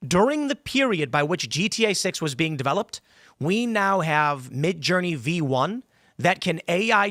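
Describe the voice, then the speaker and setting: A man hosting a talk show, arguing forcefully in a heated studio debate. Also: on the high side, no echo. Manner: forceful, argumentative, acts out voices in anecdotes. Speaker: host.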